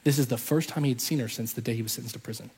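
A man's voice: mid-range voice, rapid-fire, a little mellow, breathy edge. A man telling a story in a sermon, acting out the voices of the people in it. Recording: long reverb from a large hall.

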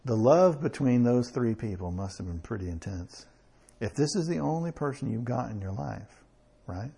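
A man preaching a sermon in a conversational way, with chuckles and slow emphatic pauses. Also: mid-range voice, animated, gravelly, dark tone, husky.

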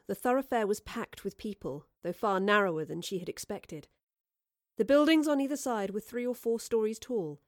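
A woman's voice: medium pitch, darkish tone, dry recording, clean studio sound. A woman narrating an audiobook, reading with expression and voicing the characters. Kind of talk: scripted narration.

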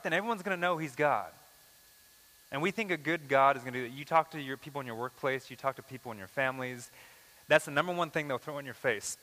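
A man delivers a sermon in a bright, forceful voice, with a long hall reverb trailing each phrase. He keeps it conversational, acting out quoted speech and changing pace often. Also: medium pitch. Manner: conversational preaching, acts out quoted lines, uneven pace. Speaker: pastor.

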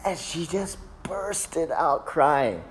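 A man's voice: a little high, animated, very slow. A man in his thirties, a pastor, preaching a casual sermon in a church sanctuary and telling stories with frequent "right?" asides. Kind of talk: conversational sermon.

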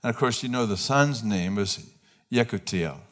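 A male pastor preaching in church with a somewhat low voice. He talks in a loose, conversational way, often restarting a phrase or asking the congregation who knows a name. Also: normal speed, a bit bright. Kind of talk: sermon.

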